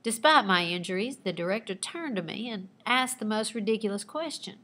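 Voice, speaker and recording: Expressive woman teacher reading a story. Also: mid-range voice, a little fast. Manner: expressive storytelling with asides pointing out figurative language. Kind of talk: reading aloud a personal narrative and explaining writing techniques.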